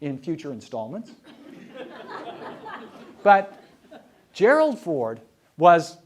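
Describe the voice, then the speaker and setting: A man with a high-pitched lecturing voice, wry storyteller. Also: huge pitch swings, extremely slow, some chatter behind. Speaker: historian giving a talk. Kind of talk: public lecture with anecdotes. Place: talk before a live audience.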